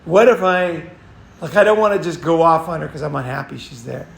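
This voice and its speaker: Man, gravelly voice, fairly high pitch, blunt profane advice monologue. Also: steady tone, a little fast, roomy sound. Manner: blunt, profane, repeats himself. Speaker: host.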